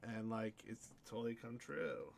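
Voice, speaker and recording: A man's voice: medium pitch, steady tone, unhurried, vocal fry, slight background noise. A tipsy man running a casual tabletop game as game master, joking and laughing often. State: tipsy from drinking.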